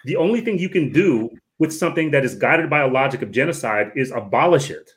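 Male podcast guest, mid-pitched, earnest and lecturing, repeats himself, keeps checking "right?". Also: expressive, fairly quick. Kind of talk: casual podcast conversation.

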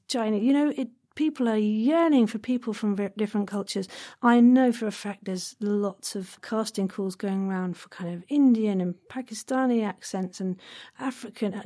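A woman's voice: a little high, warm tone. Chatty, encouraging woman podcast host. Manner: chatty, encouraging, quick asides. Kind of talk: casual advice podcast.

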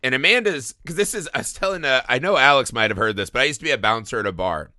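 A man's voice: medium pitch, quick pace, no room sound, clean studio sound. A man in a casual film discussion, telling stories with plenty of swearing. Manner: animated storyteller, swears freely. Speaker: podcast co-host.

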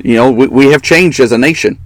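A man's voice: medium pitch, a little fast, dry recording, low-quality recording. Opinionated man talking politics, dry sound. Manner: opinionated, mocking, laughs often. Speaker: political talk show co-host. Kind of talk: casual political commentary.

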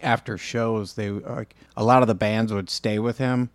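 A man's voice: fairly low pitch, fairly even intonation, moderate pace, dry recording. A man co-hosting a podcast, telling rambling anecdotes in casual chat with lots of fillers. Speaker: podcast co-host.

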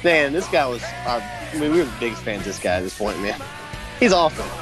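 A man co-hosting a podcast in casual chat, easygoing and quick to laugh and agree. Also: mid-range voice, very animated, raised voice, over music. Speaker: podcast co-host.

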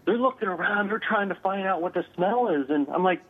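A man calls in to an interview and tells his story in a voice a little higher than most. He pauses often on filler sounds and gets animated as he retells it. The line is narrow and tinny, like a phone call. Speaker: guest paranormal investigator.

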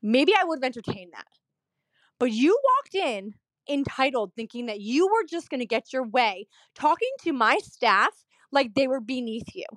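A woman's voice: high-pitched, big pitch swings, moderate pace, a bit bright, dry recording. Chatty woman with a dry close voice. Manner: chatty, rambling with many fillers and restarts; indignant, emphatic retelling. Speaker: dental office staff. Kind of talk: casual storytelling to camera.

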